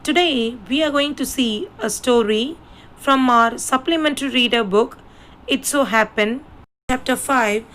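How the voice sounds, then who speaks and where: A woman presenter reading a scripted lesson introduction in a clear, measured way. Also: high-pitched, fairly bright tone, low-quality recording.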